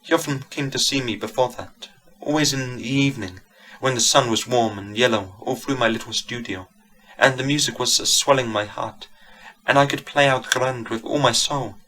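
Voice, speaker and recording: A man voicing a small, lonely young woman organist with a soft put-on Italian accent, in a vintage horror storybook reading. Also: mid-range voice, moderate pace, lightly acted, poor audio. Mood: soft wistful.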